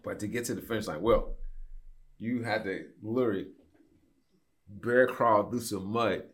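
This is a man in his fifties with a deep, low voice, telling a long story on a podcast. He chats casually and acts out the people in it with quick shifts of voice. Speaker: podcast guest.

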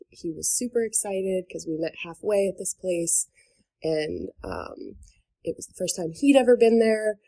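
Young woman from new hampshire, lowish voice, rambly podcast storytelling, lots of "like" and little laughs. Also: darkish tone. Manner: chatty, many fillers and "like", laughs between sentences. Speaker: guest telling a dating story. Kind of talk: casual podcast chat.

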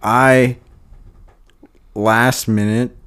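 A man's voice: mid-range voice, flat delivery, drawn-out words, a bit bright, smooth. A young man co-hosting a podcast, chatting casually in a rambling, self-deprecating way and laughing often. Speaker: podcast co-host. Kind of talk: casual chat.

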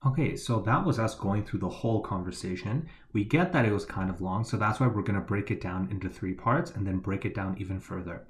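A man's voice: lowish voice, fairly quick, few pauses. A man co-hosting a Mandarin lesson, explaining phrases in a friendly, explanatory way. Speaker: co-host teaching Mandarin.

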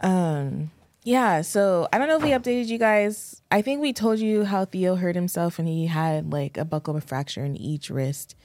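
A woman in her thirties co-hosting a marriage podcast, talking in a relaxed, chatty way with easy laughter. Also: lowish voice, normal speed, dry recording. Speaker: podcast co-host. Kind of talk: casual chat.

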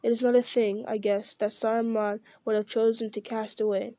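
A woman's voice: on the high side, level tone, normal speed, warm tone, no echo, lightly acted. Gandalf, a woman reading a stern old wizard.

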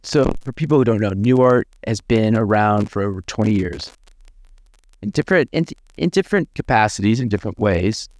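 A man's voice: on the low side, expressive, moderate pace, a little mellow, no room sound. Male podcast host, dry close sound. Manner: rambling questions with fillers like "I mean" and "like". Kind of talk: podcast interview questions.

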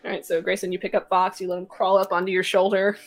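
A woman's voice: lowish voice, level tone, fast, faint music behind. A woman running a tabletop game as game master, chatty, with many fillers and frequent laughs. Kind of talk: narrating a tabletop game, casual.

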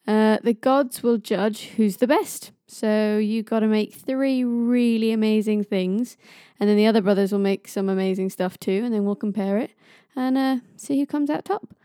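Casting: flippant, slangy male trickster god in a storytelling podcast, played by a woman, mellow and dry. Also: mid-range voice, normal speed, no room sound, lightly acted. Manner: casual, slangy, offhand.

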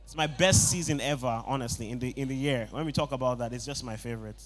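A young man preaching a sermon, asking the congregation for answers and building up to loud shouted passages. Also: mid-range voice, quick pace, few pauses. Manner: call-and-response, rising to shouts.

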